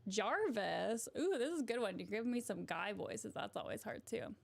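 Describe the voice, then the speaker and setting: A woman's voice: mid-range voice, animated, moderate pace, gravelly. A young woman streaming, chatting casually to viewers, giggly and self-amused. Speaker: voice-acting streamer.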